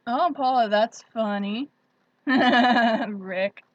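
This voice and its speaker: A woman's voice: fairly high pitch, extremely slow, no echo, muffled recording. Chatty woman hosting a livestream. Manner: chatty and friendly, greets viewers by name. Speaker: livestream host. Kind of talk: casual livestream chat reading viewer comments.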